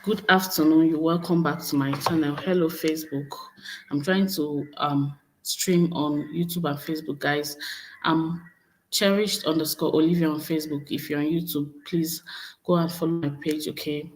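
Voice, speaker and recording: A woman's voice: sits low, steady tone, normal speed, poor audio. A woman from Nigeria chatting casually on a live stream, greeting viewers by name and asking them to follow her pages. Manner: greets viewers directly, repeats requests to follow.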